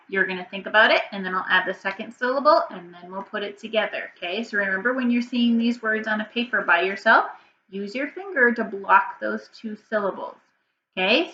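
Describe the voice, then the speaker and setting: Woman teacher doing phonics with kids, slow and patient, bright voice, kinda echoey and muffled, faint hiss. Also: mid-range voice. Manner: slow, patient, sound-by-sound prompting. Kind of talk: reading lesson for young children. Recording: dull, slightly noisy, roomy sound.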